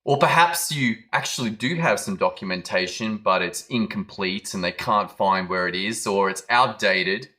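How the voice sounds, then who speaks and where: A man's voice: on the low side, normal speed, hardly any pauses, pushed and bright. A man giving a motivational business talk, telling a dramatic story and acting out quoted lines. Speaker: business coach.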